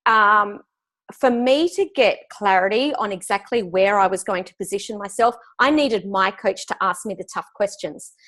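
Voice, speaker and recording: An Australian woman in her forties, a business coach and guest, telling stories in an upbeat, animated way. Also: medium pitch, normal speed. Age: 40s. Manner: upbeat, animated storytelling with frequent laughs. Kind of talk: conversational interview.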